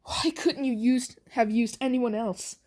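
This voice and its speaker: A woman's voice: fairly even intonation, measured pace, darkish tone, natural voice. A woman doing a terrified captive teenage boy. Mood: pleading. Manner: pleading, screams high in pain. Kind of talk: amateur fan story narration.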